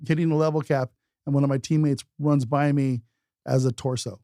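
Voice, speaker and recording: Gravelly-voiced man in blunt podcast banter. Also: mid-range voice, steady tone, fairly quick, mellow, no room sound, studio quality. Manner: blunt, joking, plain-spoken. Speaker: podcast co-host. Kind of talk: casual podcast chat.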